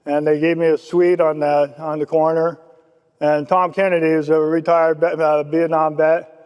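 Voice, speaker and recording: A man speaks at a recovery meeting and tells his story in a casual, loose way, slipping into the voices of the people he quotes. His voice sits high for a man. The sound carries a long reverb, as if from a large hall. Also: flat delivery, normal speed, darkish tone, smooth. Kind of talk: personal testimony.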